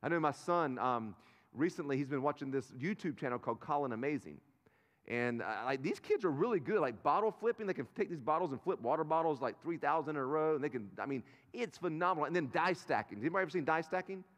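A fairly high-voiced man in his thirties preaches to his congregation in a relaxed, storytelling way, often asking them questions as he goes. His voice carries a long reverb, as if recorded live from a church stage mic. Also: fast. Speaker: pastor. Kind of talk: sermon. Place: large church sanctuary. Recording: live sermon in a reverberant sanctuary.

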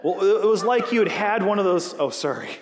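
Man in his forties, preacher, lively storytelling sermon, jokes with the crowd, drops to soft murmurs when voicing temptation. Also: sits high, a little fast. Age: 40s. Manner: animated storytelling, acts out quoted voices, self-deprecating jokes.

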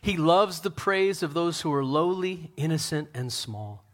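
Higher-voiced man preaching a fervent sermon. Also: lively intonation, measured pace. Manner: passionate, swings from loud fervent peaks to soft hushed lines; talks straight to the congregation with questions. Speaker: pastor.

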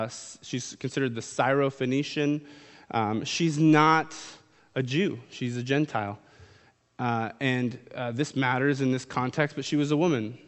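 A man preaching a sermon in a casual, conversational way, reading scripture aloud and then explaining it. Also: medium pitch. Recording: long hall reverb.

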